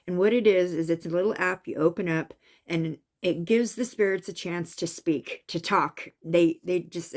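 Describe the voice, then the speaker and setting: A woman vlogger telling her own psychic experience in a casual, animated way, raising her voice at the tense parts. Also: on the low side. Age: adult with a son. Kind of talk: casual storytelling monologue.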